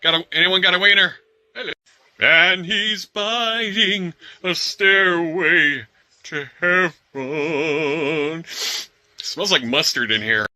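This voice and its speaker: A man playing a goofy male hot-dog vendor with a put-on accent, hawking and shouting in a comedy sketch. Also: fairly high pitch, takes it slowly, full character voice. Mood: rowdy.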